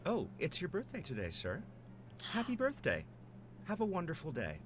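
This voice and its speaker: A courteous theme park staff member in a game. His pitch swings widely as he greets people politely. Clear noise sits under his voice. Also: wildly swooping pitch, moderate pace. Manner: courteous and friendly. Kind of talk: game voice acting.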